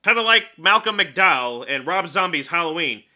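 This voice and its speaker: A man delivers a comedic film review in a voice of sharp, piercing brightness. His talk is sarcastic and grumbling, laced with self-pitying jokes. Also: sits high, animated, moderate pace. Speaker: film reviewer hosting a show.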